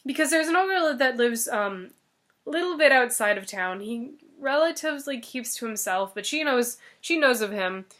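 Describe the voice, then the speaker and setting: A woman's voice: fairly high pitch, expressive, moderate pace, a bit bright. A woman casually retelling a fairy tale, joking and chatty with plenty of filler words. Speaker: storyteller.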